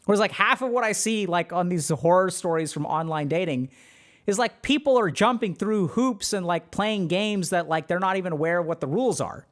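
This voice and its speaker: A man's voice: sits high, expressive, a little fast. A man talking casually to a live chat, giving emphatic advice with lots of filler words and short acted-out quotes. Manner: emphatic, many "like" fillers, acts out quoted people.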